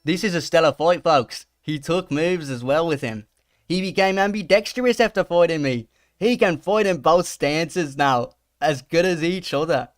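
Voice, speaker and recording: Man putting on a mock British accent, brash boastful fighter, slow mocking read, dry close sound. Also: fairly high pitch, no echo, close to an everyday voice. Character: brash boastful male fighter ranting online.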